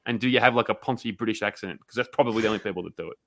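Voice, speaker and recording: A man's voice: on the low side, very fast, fairly bright tone. An Australian man co-hosting a podcast, delivering a blunt, sweary, mock-outraged rant. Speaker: podcast co-host. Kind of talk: ranting comedy segment.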